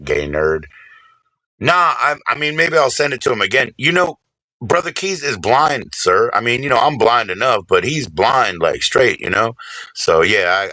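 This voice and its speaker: A man streaming live, rambling and swearing casually while he shouts out viewers by name. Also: mid-range voice, lively intonation, moderate pace, dry recording, rough recording.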